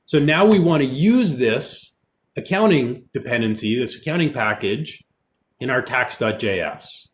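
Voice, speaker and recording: A man, a college instructor, giving a relaxed online programming lecture, explaining as he goes with fillers, with keyboard typing in the background. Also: mid-range voice, a little slow. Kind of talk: recorded online lecture with screen demo.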